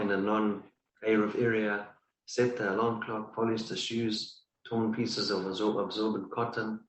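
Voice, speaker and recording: A man reading aloud from a book in a study session, halting with restarts. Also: fairly low pitch, roomy sound, far from the mic, slight background noise, poor audio. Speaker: study partner.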